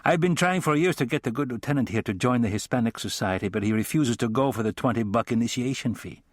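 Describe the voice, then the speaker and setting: A man's voice: mid-range voice, quick pace, no echo, studio quality, natural voice. A man voicing a brash, wisecracking female police detective in an audiobook. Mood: teasing. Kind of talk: audiobook character voice.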